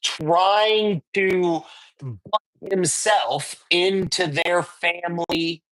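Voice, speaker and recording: A man's voice: sits high, extremely slow, fairly bright tone, dry recording, low-quality recording. A man hosting a sports card show, telling a story in a chatty, rambling way and often checking in with "right?". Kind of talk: casual storytelling. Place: sports memorabilia shop.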